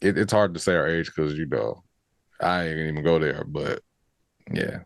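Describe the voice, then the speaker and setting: Podcast co-host, man, very deep voice, easygoing slangy talk, dry sound. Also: moderate pace, gravelly, no echo. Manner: relaxed, loose slang, fillers like "you know what I mean". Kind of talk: casual review chat.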